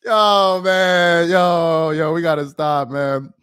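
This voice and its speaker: A man's voice: a little high, unhurried, a bit bright, clean tone, no room sound, clean studio sound. A man doing casual live-stream sports commentary, laughing often and trash-talking.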